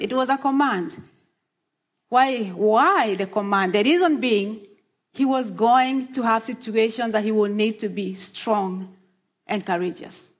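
A woman preaching a sermon in a slow, earnest, encouraging way, often asking questions of her listeners. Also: fairly high pitch. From Australia.

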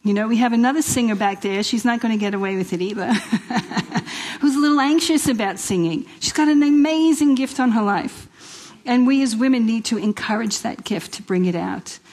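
A middle-aged woman from New York with a New York accent, giving a lively personal testimony at a women's church event and acting out the dialogue in her stories. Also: fairly high pitch, normal speed, rough recording. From Queens, New York. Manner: lively storyteller who acts out quoted dialogue and laughs often.

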